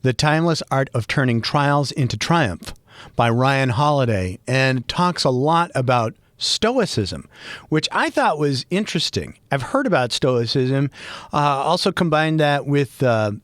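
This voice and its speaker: A man's voice: medium pitch, measured pace, no echo. Rambling Boston man, dry close sound. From Boston area, USA. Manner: rambling, animated, joking asides. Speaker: podcast host. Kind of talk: casual solo monologue.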